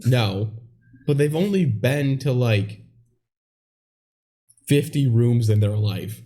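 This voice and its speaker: A man's voice: medium pitch, animated, slow pace, dark tone. A man co-hosting a podcast in casual chat about a movie, joking and arguing points through. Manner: reasoning, joking, pushes back on points. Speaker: podcast co-host.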